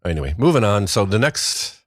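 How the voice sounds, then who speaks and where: A man's voice: lowish voice, very animated, brisk, no room sound, clean studio sound. A man hosting a casual news podcast, rambling and wry, often trailing off mid-sentence. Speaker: podcast host.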